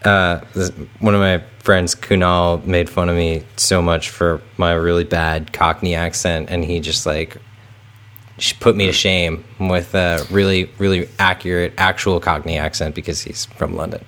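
A man co-hosting a podcast, chatting casually, quick and loose, often restarting his sentences. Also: low voice, little pitch movement, fairly bright tone. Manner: quick, loose, trips over his words. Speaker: podcast co-host. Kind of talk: casual chat.

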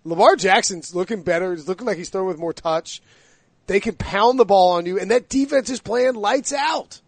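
Male sports host, chatty, slightly higher voice, dry close mic. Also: normal speed, dry recording. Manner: chatty, joking, lots of fillers. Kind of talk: casual sports debate.

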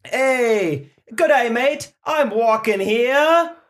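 A man doing a put-on Australian accent for a loud, cheery milkman character. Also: very high voice, expressive, drawn-out words, pitched above the performer's own voice, full character voice. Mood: chirpy. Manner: loud, chirpy, exaggerated. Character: cheery Australian milkman who moved to Boston.

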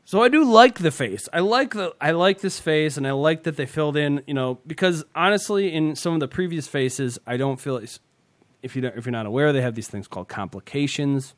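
A man's voice: a little high, animated, brisk. A man hosting a casual podcast, rambling and self-deprecating, laughing often as he talks. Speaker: podcast host. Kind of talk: casual tech podcast chat.

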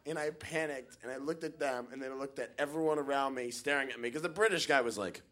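A man telling a comic story on stage, animated and acting out the people he meets. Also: mid-range voice, fast talker. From United States. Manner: animated, acts out the people in his story with big voices. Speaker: stand-up comedian.

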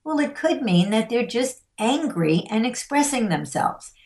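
A middle-aged woman who coaches on parenting and stress, telling stories slowly and emphatically and acting out the voices of the people in them. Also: fairly high pitch, big pitch swings, a little mellow, echoey room. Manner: slow, emphatic, acts out the voices in her stories. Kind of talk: interview storytelling.

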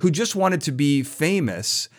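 A man's voice: fairly high pitch, measured pace. Chatty male podcast host. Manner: animated storyteller, many restarts. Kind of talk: conversational interview.

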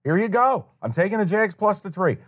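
A fairly high-voiced man co-hosting a sports betting podcast, swearing freely as he breaks down games. He tells stories in an animated way and slips into mocking impressions of players and friends. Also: a little fast. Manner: profane, animated storytelling with mock impressions. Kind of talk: casual sports betting chat.

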